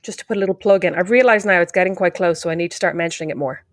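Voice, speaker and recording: Fast-talking teasing woman co-host. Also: lowish voice. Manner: teasing, quick-witted. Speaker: podcast co-host. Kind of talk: casual chat.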